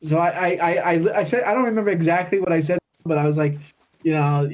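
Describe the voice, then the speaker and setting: Crude rambling man, high-pitched. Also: fast, a little mellow. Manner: rambling, crude, swears often. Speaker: podcast co-host. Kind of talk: casual chat while gaming.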